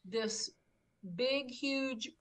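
A woman's voice: high-pitched, drawn-out words. Middle-aged woman telling her story on a talk show, emphatic, acts out what she said back then. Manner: emphatic, acts out her own past pleas. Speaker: guest recounting an experience. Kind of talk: conversational storytelling.

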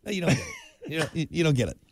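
Loud, brash man bantering. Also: wildly swooping pitch, rapid-fire, a little hiss or hum. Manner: loud, brash, mock-threatening jokes; laughs a lot, mimics people in high voices. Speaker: radio show co-host. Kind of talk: casual banter.

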